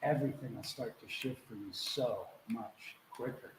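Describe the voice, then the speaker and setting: Animated spiritual mentor man, echoey room. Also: medium pitch, normal speed. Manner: earnest, animated, acts out quotes and swears freely. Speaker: spiritual mentor hosting a live Q&A call. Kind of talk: casual live call talk. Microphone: video call. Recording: echoey room with faint background noise.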